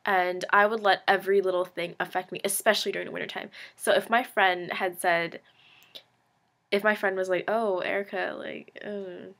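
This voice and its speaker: With a mid-range, somewhat bright voice that moves little in pitch and runs briskly, a late-teen vlogger gives a casual confessional to camera. She rambles and teases herself, says "like" a lot, and drops frank, sarcastic comments.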